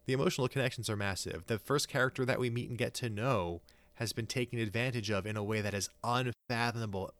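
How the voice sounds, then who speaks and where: A man's voice: mid-range voice, fast, fairly bright tone, no room sound. A man co-hosting a podcast, talking casually and enthusiastically, rambling with many fillers and restarts. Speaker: podcast co-host.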